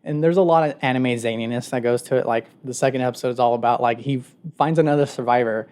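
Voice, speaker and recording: A man's voice: medium pitch, quick pace, a little mellow, clear, resonant tone. A man co-hosting a podcast, retelling a story in a casual, rambling way with many filler words. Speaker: podcast co-host. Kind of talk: casual chat.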